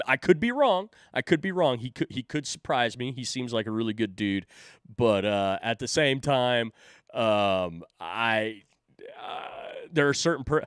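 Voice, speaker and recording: A man's voice: medium pitch, fairly bright tone, clean tone, no echo, studio quality. A man hosting a stream, talking in a casual, rambling and profane way, often mocking himself and laughing. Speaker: streamer host. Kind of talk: casual chat.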